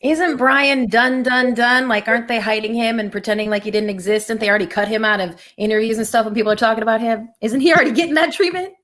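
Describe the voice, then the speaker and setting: A woman's voice: on the high side, fast talker, hardly any pauses, a bit bright. A woman co-hosting a live podcast who chats casually, laughs easily and asks many questions. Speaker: podcast co-host. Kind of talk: casual live news chat.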